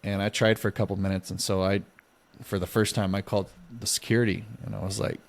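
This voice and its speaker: A man's voice: fairly low pitch, quick pace. A man co-hosting a podcast, casually telling a story and acting out the dialogue. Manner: animated, acts out both sides of dialogue. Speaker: podcast co-host.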